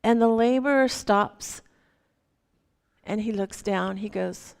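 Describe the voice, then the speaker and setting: A woman minister telling a story in a sermon, gentle and unhurried. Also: mid-range voice, creaky, smooth. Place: church sanctuary. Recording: long hall reverb.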